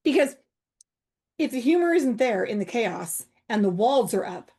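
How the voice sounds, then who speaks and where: Brief: middle-aged woman, comedian guest, high voice, animated storyteller. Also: normal speed, slightly rough. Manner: playful, acts out voices in her stories. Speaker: guest comedian and humor coach. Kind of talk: animated podcast chat.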